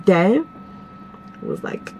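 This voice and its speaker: A young woman vlogging at home, telling a story in a casual, animated, dramatic way with sudden jumps in pitch. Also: slow.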